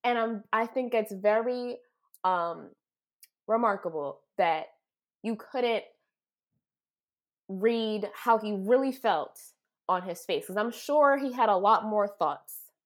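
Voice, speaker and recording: A woman co-hosting a casual sports talk show, speaking with animated, dramatic emphasis. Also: mid-range voice, slow, pauses often. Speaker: co-host.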